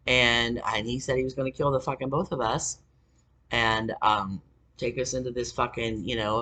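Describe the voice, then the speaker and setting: A man's voice: mid-range voice, sharp tone. A man telling a story in a rambling, casual way, full of fillers, restarts and swearing.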